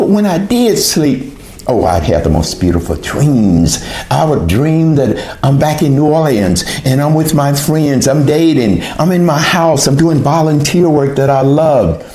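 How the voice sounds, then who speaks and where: A man's voice: medium pitch, a little mellow. A man giving an earnest, emotional personal testimony, retelling his own pleas to God in quoted speech. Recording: roomy echo.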